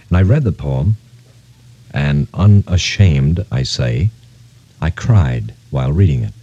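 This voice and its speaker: Radio DJ, male, deep and mellow, rambling and heartfelt, on air from a studio. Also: slightly rough, muffled recording. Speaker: radio disc jockey. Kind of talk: casual on-air radio talk. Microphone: studio microphone.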